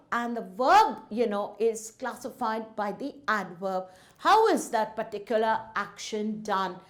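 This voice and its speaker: A woman with an Indian English accent teaching a grammar lesson to children, in a sing-song way, often calling them children. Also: a little high.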